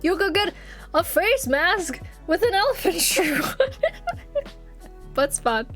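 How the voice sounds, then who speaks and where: A woman streamer talks casually into her desk microphone, reacting to chat with a bright, high-pitched voice. She giggles often and gets excited easily. Faint music plays quietly behind her. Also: takes it slowly.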